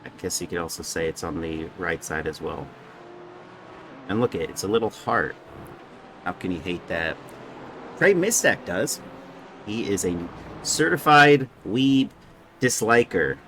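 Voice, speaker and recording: A man's voice: low voice, lively intonation, moderate pace, long pauses, a bit bright, a little hiss or hum. A young man giving casual, joking live commentary on a sim race and stumbling over drivers' names.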